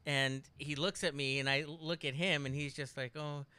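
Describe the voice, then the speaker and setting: A man co-hosting a podcast, telling a story in casual chat, animated and laughing often with rambling restarts. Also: a little high, normal speed, clear, resonant tone. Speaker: podcast co-host.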